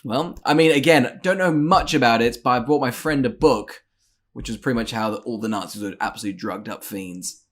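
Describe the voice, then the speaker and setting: A man co-hosting a podcast, joking about a movie with sarcastic, deadpan asides. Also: medium pitch, brisk. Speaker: podcast co-host. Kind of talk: casual comedic movie chat.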